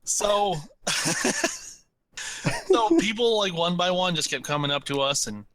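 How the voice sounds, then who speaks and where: A man co-hosting a podcast, telling a story in a casual, animated way and acting out what people said. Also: high-pitched, measured pace, no room sound. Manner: animated, laughs while telling stories, acts out quotes. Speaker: podcast co-host.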